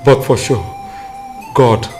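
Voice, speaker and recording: A man's voice: medium pitch, fairly even intonation, close to an everyday voice. A man playing a dying Nigerian father. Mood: tender. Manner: slow, solemn, halting phrases. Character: dying father, older man, grave and gentle. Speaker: actor in a film drama. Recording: film soundtrack with loud background music.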